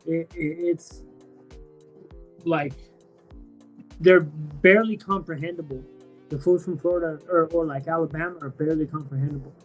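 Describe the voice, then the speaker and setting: Stoned male streamer at home, higher-pitched, loose profane slang, faint music underneath. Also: fairly even intonation, moderate pace, long pauses. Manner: loose, rambling, profane slang with many restarts. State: high from smoking weed. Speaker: streamer talking to chat. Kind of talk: casual live-stream chat. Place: at home, indoors.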